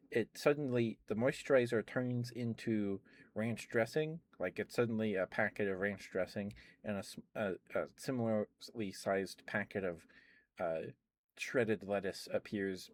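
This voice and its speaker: A young man chatting softly at home for an ASMR stream, rambling, laughing often and repeating phrases. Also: on the low side, measured pace. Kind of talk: soft-spoken ASMR chat.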